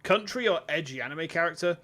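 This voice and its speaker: A man's voice: fairly high pitch, animated, fast, pushed and bright. A man with a Yorkshire accent giving playful, rambling commentary as a VTuber while playing a game. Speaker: VTuber streamer. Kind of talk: casual gameplay commentary. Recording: faint music under voice.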